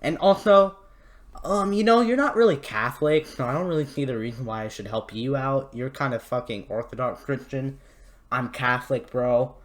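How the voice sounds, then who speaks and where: A man's voice: mid-range voice, normal speed, close to an everyday voice. A man voicing a crude, dismissive male pope who talks like a bro. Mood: mocking. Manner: mocking, crude, bro slang.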